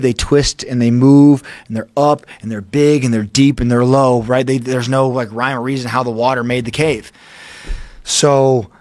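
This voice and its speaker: A man's voice: mid-range voice, no room sound. Guy on a podcast, swears a lot, tells it in bursts, dry close sound. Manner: intense, profane, halting retelling. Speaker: podcast guest. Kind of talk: storytelling in casual chat.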